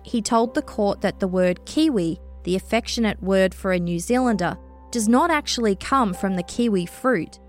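A woman narrating a true crime story in a measured, scripted storytelling delivery. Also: mid-range voice.

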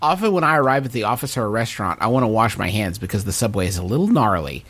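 A man's voice: lowish voice, animated, fast talker, a bit bright, slightly rough. A man co-hosting a comedy podcast, dropping dry wisecracks and reading out a listener question. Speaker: podcast co-host. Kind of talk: casual comedic chat.

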